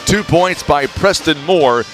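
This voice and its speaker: Male play-by-play announcer, slightly high voice, brisk stat rundown, light music bed. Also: expressive, a bit bright. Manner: brisk, reels off numbers, teasing. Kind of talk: radio basketball halftime stats rundown.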